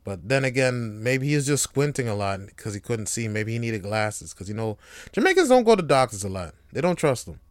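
A man's voice: mid-range voice, sing-song, brisk, dry recording. A man hosting a casual solo podcast monologue, joking, swearing and laughing often. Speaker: podcast host.

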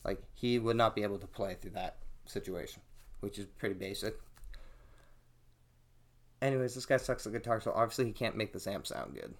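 A man's voice: on the low side, a little fast, pauses often. A young man hosting a podcast, telling a story casually and profanely and acting out what people said. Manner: profane, animated storytelling, acts out quotes. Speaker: podcast host.

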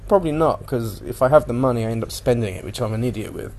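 Casual male podcaster, rambling and sweary, average pitch. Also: fast. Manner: rambling, sweary, animated retelling. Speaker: podcast host. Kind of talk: casual solo chat.

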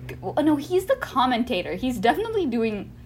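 A young woman with a slightly high voice co-hosts a loose, chatty podcast, playful and quick to giggle. A faint hiss sits under her voice. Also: sing-song, a little mellow. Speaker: podcast co-host. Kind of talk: casual chat.

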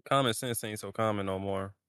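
A man co-hosting a podcast, trading relaxed, upbeat banter and short reactions in casual chat. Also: fairly low pitch, a little fast, no echo, clean studio sound. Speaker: podcast co-host.

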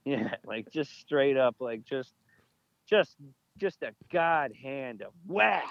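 Male co-host, mid-pitched, animated storyteller, slightly dull dry recording. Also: slow, gravelly, no room sound. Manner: excitable storyteller, animated and laughing. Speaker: podcast co-host. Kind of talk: casual chat.

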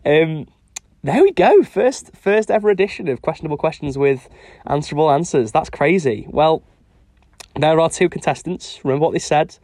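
A man's voice: fairly high pitch, darkish tone, no room sound. A man hosting a comedy radio show, presenting in an upbeat, giggly manner.

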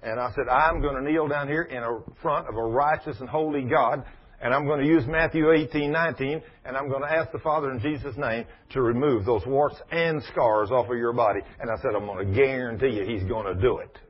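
A man preaching a sermon, telling stories in a folksy, emphatic way with big swings in loudness. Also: brisk. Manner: folksy, emphatic, dramatic swings in pitch and volume. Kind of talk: sermon with storytelling. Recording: muffled, husky lo-fi sermon recording.

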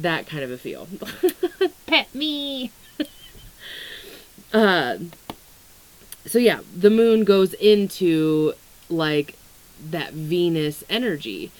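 Candid, rambling young woman with a low voice. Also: rough recording. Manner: rambling, candid, swears freely, many fillers. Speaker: astrology content creator. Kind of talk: casual vlog about weight struggles and astrology.

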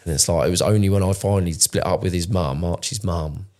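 A man's voice: low-pitched, fast, a little mellow. A man, telling his own story in a candid, emotional podcast chat, swearing often and restarting his sentences. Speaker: podcast co-host.

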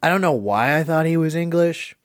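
A man hosting a casual movie quiz podcast, chatty and quick to laugh. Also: fairly high pitch, animated, dry recording, studio quality. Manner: chatty, laughs often, gushing. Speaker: quiz host. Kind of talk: casual podcast game chat.

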